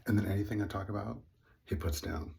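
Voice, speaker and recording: Deep-voiced man telling a story. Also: steady tone, fast talker, gravelly, dark tone. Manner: earnest, indignant, with wry laughs. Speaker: vlogger. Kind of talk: casual storytelling monologue.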